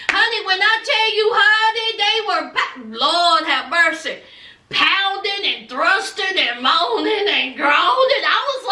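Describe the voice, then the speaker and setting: A woman's voice: extremely high pitch, very animated, takes it slowly, bright, forceful tone, recorded from a distance. A woman vlogger recapping a TV episode in a dramatic, chatty way, acting out the characters' lines and calling the listener honey and child. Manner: dramatic storytelling, says honey and child a lot, acts out lines. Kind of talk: animated casual recap. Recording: roomy sound, a little off-mic.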